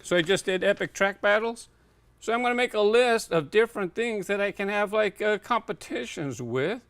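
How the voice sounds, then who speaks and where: Guy with a gravelly, kinda high voice rambling thru his diecast car stash, lots of uhs, a bit out of breath. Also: lively intonation, normal speed, fairly bright tone, no echo. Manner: rambling, filler-heavy, thinking aloud. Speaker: toy car collector vlogger. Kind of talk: casual walk-through vlog. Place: home warehouse room.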